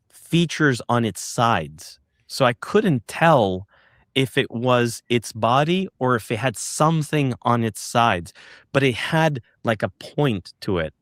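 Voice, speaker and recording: Slow, halting man telling a story. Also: medium pitch, no echo, clean studio sound. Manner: halting, searching for words with many restarts. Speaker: interview guest recounting a sighting. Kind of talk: casual storytelling in an interview.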